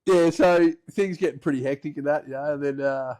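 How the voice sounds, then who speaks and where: A man with an Australian accent hosts a podcast, casually telling a rambling story loaded with swearing and frequently cracking up laughing. His voice is on the high side and somewhat dark, and he talks a little fast.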